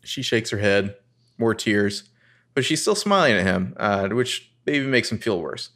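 A man co-hosting a casual podcast, retelling a TV scene and acting out lines with lively rises. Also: fairly low pitch, a little slow. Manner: narrates scenes and reads dialogue with animated rises. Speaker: podcast co-host recapping a TV episode. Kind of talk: casual chat.

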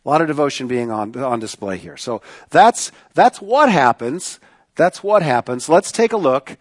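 A man's voice: medium pitch, animated, moderate pace, no room sound. A man preaching a sermon in a conversational way, asking the congregation rhetorical questions and often repeating phrases for emphasis. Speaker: pastor.

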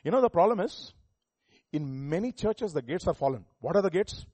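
A man preaches a sermon in a fairly high voice. He swings from loud emphatic lines to quiet ones and keeps asking rhetorical questions. The sound is dry and close, with little room. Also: expressive, brisk, slightly rough, dry recording. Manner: emphatic, rising and falling volume, rhetorical questions.

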